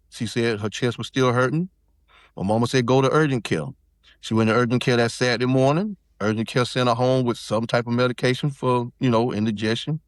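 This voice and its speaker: A middle-aged man from South Carolina, a podcast guest, tells a personal story in loose, rambling casual talk full of restarts and fillers. His voice is lowish, and the recording is dry and studio quality.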